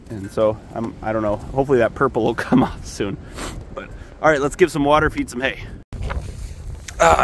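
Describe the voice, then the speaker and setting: A man's voice: medium pitch, slight background noise. Rambling man filming his farm outdoors. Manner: rambling, chatty, self-deprecating. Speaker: farmer filming his animals. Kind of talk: casual farm vlog.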